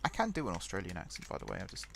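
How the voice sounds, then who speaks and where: A man's voice: sits low, huge pitch swings, rapid-fire, creaky, fairly bright tone, slight background noise. A young man hosting a game let's play, rambling chattily and thinking aloud as he types. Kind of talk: casual gameplay commentary.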